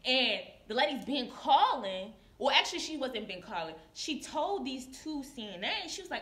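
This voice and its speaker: A woman nurse telling a story to camera in casual confessional style, animated and acting out her coworkers. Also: high voice, moderate pace, few pauses. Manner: animated, acts out coworkers' voices. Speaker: licensed practical nurse. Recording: echoey room.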